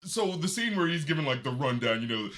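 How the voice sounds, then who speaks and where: Guy rattling off a movie recap super fast, kinda high bright voice, rambly with lots of side notes. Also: big pitch swings. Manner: rambling recap full of asides. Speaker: podcast co-host. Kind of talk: casual movie review chat.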